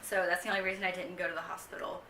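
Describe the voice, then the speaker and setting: A woman's voice: fairly low pitch, level tone, rapid-fire, pushed and bright, far from the mic, slight background noise. Chatty young woman in echoey room. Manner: chatty, rambling with frequent ums. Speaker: vlogger giving a pregnancy update. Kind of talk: casual chat to camera. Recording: echoey room, mic set back.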